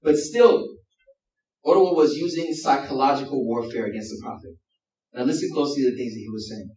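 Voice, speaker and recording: Animated male preacher in a roomy hall. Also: mid-range voice, brisk. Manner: animated storytelling, acts out quotes with sudden swings in loudness. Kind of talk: sermon. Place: mosque hall. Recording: roomy hall, mic at a distance.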